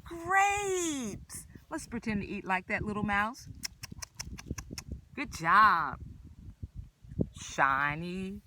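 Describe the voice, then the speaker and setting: A children's librarian reading a picture book aloud at story time, in an animated, exaggerated sing-song way and asking the kids questions. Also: female voice, mid-range voice, measured pace, long pauses, background noise.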